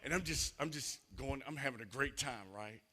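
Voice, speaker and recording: A man preaching a sermon as associate minister, telling a story with excitable, animated energy and acting out the dialogue in it. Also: mid-range voice, moderate pace.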